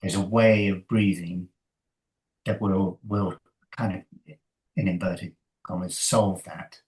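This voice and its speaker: A man, a coach and interview guest, talking thoughtfully in a halting way with many fillers and soft laughs. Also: sits low, fairly even intonation, rough recording. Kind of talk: conversational interview.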